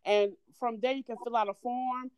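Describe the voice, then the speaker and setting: Bubbly Southern-accented woman, smooth voice. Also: on the high side, steady tone, normal speed, no echo, clean studio sound. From North Carolina. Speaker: guest. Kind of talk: casual interview.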